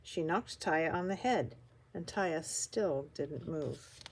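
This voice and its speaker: An older woman reading a children's picture book aloud with expressive, animated storytelling. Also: sits low, slow, breathy edge. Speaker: storybook reader.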